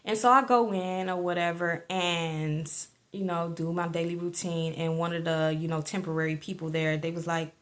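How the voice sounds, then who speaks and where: Woman, lower register, casual rambling storyteller, colloquial and loose. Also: level tone, moderate pace, few pauses. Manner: rambling, colloquial, many fillers like "or whatever not". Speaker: vlogger sharing a personal testimony.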